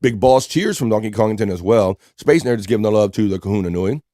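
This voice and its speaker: A man's voice: fairly low pitch, expressive, quick pace, mellow, no echo, studio quality. Laid-back American man hosting a live stream. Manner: laid-back, reads chat messages aloud. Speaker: livestream host. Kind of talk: casual live show chat reading comments.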